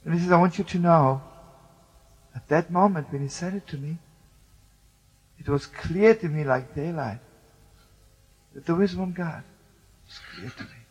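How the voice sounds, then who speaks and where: A man telling a story with fervent emotion, sometimes dropping to a hush and sometimes singing phrases. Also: a little high, normal speed, long pauses, breathy edge, in a large hall, lo-fi sound. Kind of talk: spoken storytelling with sung phrases.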